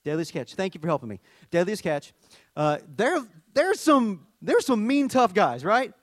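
A pastor preaching a sermon, dropping to hushed tender lows and rising to loud emphatic peaks, asking the congregation questions. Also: male voice, very animated, moderate pace, no echo.

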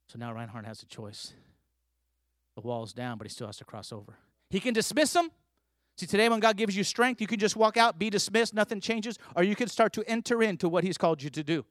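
Fervent high-voiced male preacher. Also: quick pace, a bit bright, no room sound, clean studio sound. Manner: storytelling, rising to fervent emphasis. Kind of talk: sermon.

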